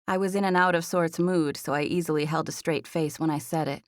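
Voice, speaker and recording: A woman's voice: fairly low pitch, flat delivery, fairly quick, few pauses, no echo. A young woman narrating a first-person audiobook in a conversational manner. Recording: dry studio recording.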